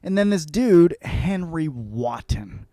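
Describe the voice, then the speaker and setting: A man's voice: on the high side, very animated, slow, dark tone, no room sound. Profane rambling man host, dry close sound. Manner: profane, rambling, puts on voices for characters. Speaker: podcast host. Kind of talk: crude comedic book report.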